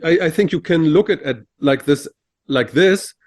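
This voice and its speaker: A man's voice: a little high, normal speed. A man co-hosting a podcast, explaining ideas in a searching way, full of fillers. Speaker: podcast co-host. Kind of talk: casual philosophical conversation.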